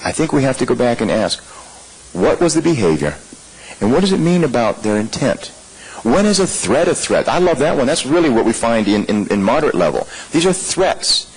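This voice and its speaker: A man's voice: mid-range voice, very animated, brisk, husky, rough recording. A man leading a live leadership training workshop, talking conversationally to the room and firing off rhetorical questions.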